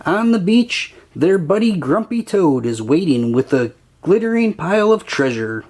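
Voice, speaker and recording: Children's read-aloud narrator, unhurried, sing-song, wide lively pitch. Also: slightly rough. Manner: slow, expressive, sing-song. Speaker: storybook reader.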